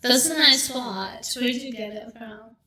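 A woman's voice: fairly high pitch, measured pace, bright, forceful tone, reverberant. A woman playing a dismissive Gen Z girl. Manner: valley-girl drawl, dismissive. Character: shallow Gen Z young woman.

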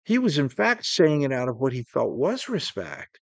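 A man preaching a sermon in an earnest way, slowing down to stress key words. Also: mid-range voice, wildly swooping pitch, vocal fry, no room sound.

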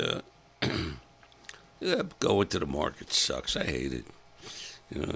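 An older man, a comedian telling crude, animated stories in a casual monologue and acting out the people in them. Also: very deep voice, creaky. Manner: animated storytelling, acts out other voices, blunt and crude. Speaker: comedian host.

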